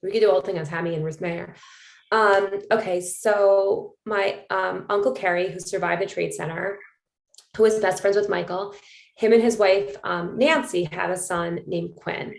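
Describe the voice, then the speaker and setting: A woman's voice: on the low side, fairly even intonation, moderate pace, gravelly. A woman hosting a podcast, telling a story in a chatty, casual way full of fillers. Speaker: podcast host. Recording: roomy echo.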